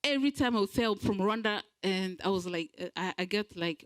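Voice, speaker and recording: A woman from Belgium giving a speech at a community event, earnest and halting, with frequent pauses as she searches for words. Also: medium pitch, animated, fairly bright tone, low-quality recording. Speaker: guest speaker.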